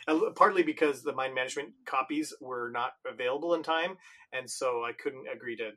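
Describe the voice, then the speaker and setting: A man talking as a game designer guest in a casual podcast interview, relaxed, with fillers and false starts. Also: medium pitch, fairly quick.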